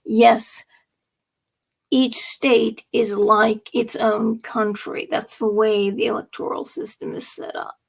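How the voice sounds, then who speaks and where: A woman with a gravelly, fry-laden voice, pitched a little high, delivers a rambling late-night monologue on her live stream. She talks slowly and with emphasis, now and then sinking into a hushed whisper. It sounds like a solo host speaking straight to her viewers. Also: little pitch movement.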